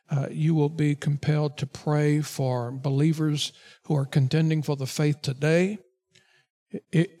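A male pastor preaching a midweek sermon, stressing key words slowly and pausing with fillers as he reads and explains scripture. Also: on the high side. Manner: emphatic preaching with slow drawn-out stresses and fillers.

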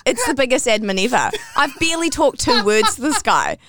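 A woman's voice: high voice, wildly swooping pitch, a little fast, background noise. A woman co-hosting a podcast, telling a personal story in casual chat and rising to squeals at the big moments. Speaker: podcast co-host.

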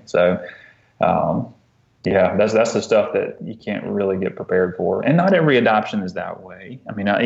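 A man telling a personal story as an interview guest, earnest and halting, often restarting his sentences. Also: sits low, vocal fry, darkish tone, highs cut off. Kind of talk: conversational storytelling.

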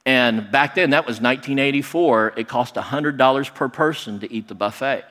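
Animated middle-aged man in a reverberant hall. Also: mid-range voice, moderate pace. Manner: animated, acts out other people's lines. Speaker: storyteller. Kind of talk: personal story told to an audience.

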